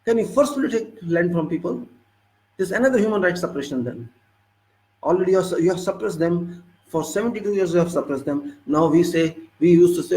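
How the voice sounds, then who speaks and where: A man's voice: high-pitched, animated, fairly quick, a little mellow, poor audio. A man with an Indian English accent giving an impassioned monologue full of pointed rhetorical questions. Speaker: political commentator.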